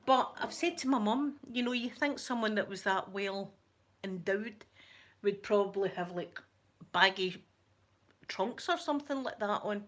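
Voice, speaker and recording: A woman's voice: medium pitch, unhurried, fairly bright tone. A Scottish woman telling a story to her viewers, chatty and rambling, with many stammering restarts. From Scotland. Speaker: channel host.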